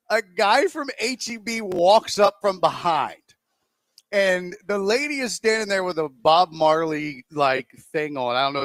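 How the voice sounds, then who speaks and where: A man co-hosting a sports talk radio show, telling a rambling, animated anecdote with acted-out quotes into a close studio microphone. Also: sits high, dry recording.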